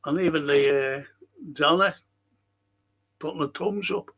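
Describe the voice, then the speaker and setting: A man's voice: on the high side, unhurried, a bit bright. A man with a Liverpool accent hosting a casual live stream, chatting and answering viewer comments as he reads them out. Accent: Liverpool (Scouse).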